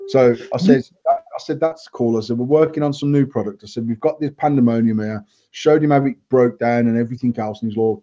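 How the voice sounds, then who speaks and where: A man's voice: mid-range voice, fairly quick, few pauses, dark tone, lo-fi sound. A man from England co-hosting a casual chat, blunt and rambling, swearing freely and restarting his sentences. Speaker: vape company owner, co-host.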